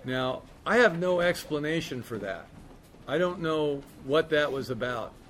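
A man's voice: a little high, expressive, unhurried, fairly bright tone, slight background noise. Casual, profane man telling a story. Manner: casual, profane, peppered with "man" and "you know". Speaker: speaker sharing his recovery story. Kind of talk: candid personal storytelling.

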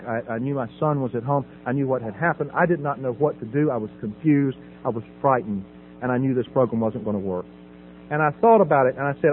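A middle-aged man giving a personal testimony at a recovery meeting podium, dramatic, swinging from loud emphasis to hushed quiet. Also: on the high side, narrow, tinny audio. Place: at a podium before an audience. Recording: phone-thin audio with faint hum.

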